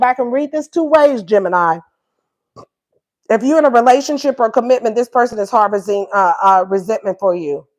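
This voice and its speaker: A woman giving a casual tarot reading, sassy and acting out what the lovers would say. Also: fairly high pitch. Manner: sassy, acts out voices of both lovers. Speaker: tarot reader.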